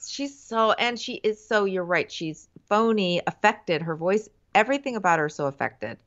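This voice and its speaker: A woman co-hosting a casual podcast, blunt and emphatic in her opinions. Her voice moves lively up and down. The recording is slightly dull. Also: medium pitch, normal speed. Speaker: podcast co-host. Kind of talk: casual chat recapping a TV show.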